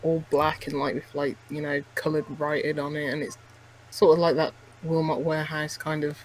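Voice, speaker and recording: Rambling man, higher voice. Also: level tone, normal speed, rough recording. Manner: rambling, many restarts and "like" fillers. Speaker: podcast co-host. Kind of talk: casual chat reviewing a game.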